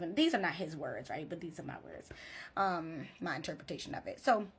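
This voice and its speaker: A woman's voice: deep voice, expressive, brisk, breathy edge. A woman therapist chatting in a casual vlog, retelling a story and often checking in with "right?".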